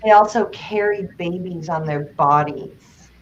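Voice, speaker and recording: Animated lo-fi woman storyteller. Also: measured pace. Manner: animated storyteller with high-pitched exclamations. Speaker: host. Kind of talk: casual chat. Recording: dull lo-fi sound with noise.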